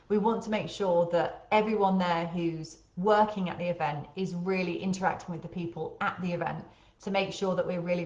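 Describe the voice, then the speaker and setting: Brief: lower-pitched woman host, faint Birmingham accent, chatty live webinar, echoey room. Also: a little mellow, dull audio. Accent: light Birmingham. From Birmingham, England. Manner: chatty, many ums.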